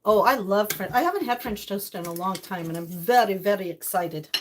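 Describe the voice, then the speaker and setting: An older woman hosts a home-kitchen cooking live stream, casual, chatty, and bubbly, greeting viewers by name. Her medium-pitched voice is expressive and fairly quick, with a little hiss or hum in the audio.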